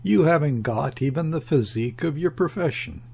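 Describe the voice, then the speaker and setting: A man's voice: fairly high pitch, lively intonation, moderate pace, gravelly, slightly rough, heavily acted. A man voicing a mocking, condescending male embassy secretary who speaks sharply and grimly in an audiobook reading. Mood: scornful. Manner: sharp, grim, sneering.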